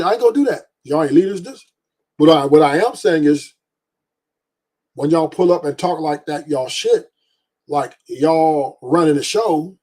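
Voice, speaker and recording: A man's voice: on the high side, a little mellow, slightly rough. A man hosting a livestream, ranting bluntly with profanity and repeated emphasis. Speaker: podcast host. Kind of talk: livestream commentary rant.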